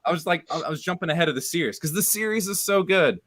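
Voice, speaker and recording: A man in a casual podcast chat about movies, relaxed, laughing at himself and correcting himself as he goes. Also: a little high, quick pace.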